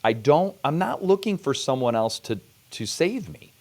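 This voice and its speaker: A man hosting an interview, talking in a measured, serious way. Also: mid-range voice, sing-song, darkish tone. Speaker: host. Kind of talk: earnest interview conversation.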